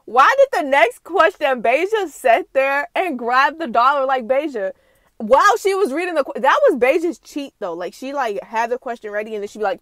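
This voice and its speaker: A woman's voice: sits high, very animated, brisk, fairly bright tone, no room sound. A young woman hosting a casual reaction recap, chatty and slangy, laughing often. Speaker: reaction channel host.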